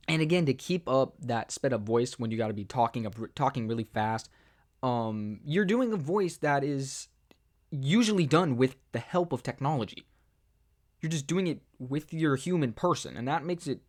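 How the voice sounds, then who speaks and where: A young man talking casually to camera about voice impressions, rambling with many fillers and jumping into squeaky character voices. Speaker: voice impressionist, video host.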